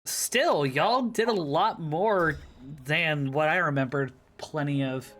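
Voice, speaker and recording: Very low-voiced, slow woman streamer. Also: soft background music. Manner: short, laid-back reactions. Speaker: streamer host. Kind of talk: casual stream chat.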